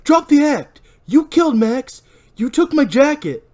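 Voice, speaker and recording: A man reading out the lines of an angry, paranoid young man in a loud, strained, raised voice. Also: big pitch swings, normal speed. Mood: angry shouting. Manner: shouting, accusing, high-pitched strain.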